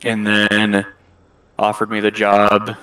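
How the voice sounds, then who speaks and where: A man's voice: on the low side, completely flat delivery, slow pace, pushed and bright, clean tone, low-quality recording. A man chatting casually as a podcast guest, rambling with lots of "like" and "I don't know". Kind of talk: casual chat on a live podcast.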